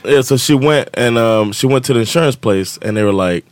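A man's voice: mid-range voice, fairly quick, dry recording. A man, telling a story on a casual podcast, laughing often and acting out the voices of the people in it. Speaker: podcast co-host.

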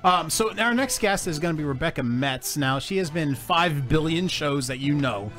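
A man's voice: a little high, lively intonation, moderate pace, a bit bright, faint music behind. A man from the Shore, hosting a crude, joking podcast chat. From Jersey Shore. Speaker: podcast host. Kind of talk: casual chat.

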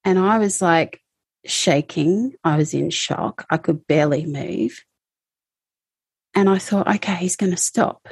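A woman recounting her personal experiences as an interview guest, speaking in a halting, emotional way. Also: on the low side, darkish tone, husky, no room sound. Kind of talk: personal testimony.

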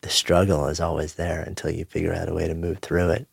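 A man hosting an interview, asking questions and reflecting in a measured, thoughtful way. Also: low-pitched, completely flat delivery, creaky, husky, no room sound, clean studio sound. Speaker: host.

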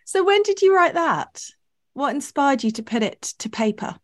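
Gushing, lively-voiced woman host. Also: high voice, moderate pace. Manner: gushing, effusive praise. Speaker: interview host. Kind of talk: casual interview.

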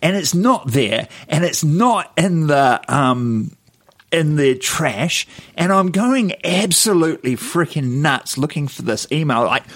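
A man co-hosting a podcast, telling stories in a lively way and acting out the people he quotes. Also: fairly high pitch, slow. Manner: animated storyteller who acts out the people he quotes; laughs often while telling stories. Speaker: podcast co-host. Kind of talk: casual chat.

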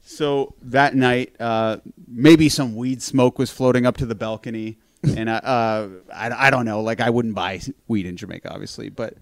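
A man telling a long story in casual conversation, animated, swearing freely and laughing at his own account. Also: mid-range voice, normal speed, no echo, clean studio sound.

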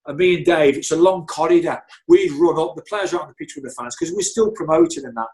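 A former footballer and physio telling stories in an animated, chatty way, repeating himself and laughing often. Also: male voice, fairly high pitch, brisk. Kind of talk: casual storytelling interview.

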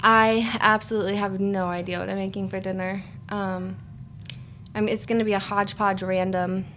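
A woman's voice: mid-range voice, moderate pace, slight background noise. A woman co-hosting a podcast, telling a funny story with lots of laughter in casual chat. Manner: laughing storyteller, animated retelling. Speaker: podcast co-host.

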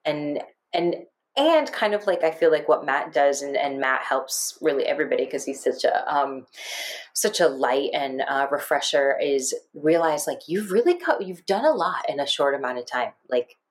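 A woman co-hosting a podcast, talking through her feelings in a rambling, emotional way with lively quoted asides. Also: low voice, normal speed. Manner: emotional, rambling, animated quoting. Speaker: podcast co-host. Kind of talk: casual podcast chat.

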